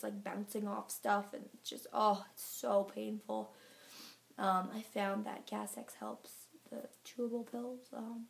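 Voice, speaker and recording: A woman's voice: medium pitch, gravelly. A woman vlogger giving a casual pregnancy update to camera, chatty and filler-heavy, a little out of breath.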